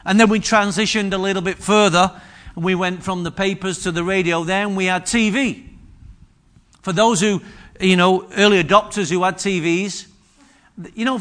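Emphatic preacher with a bright voice. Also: male voice, high-pitched. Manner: repetitive, emphatic phrases with many restarts. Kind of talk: sermon.

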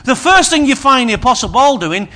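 A man's voice: extremely high pitch, big pitch swings, fairly quick, bright, forceful tone. A man preaching a sermon, conversational and humorous with emphatic turns.

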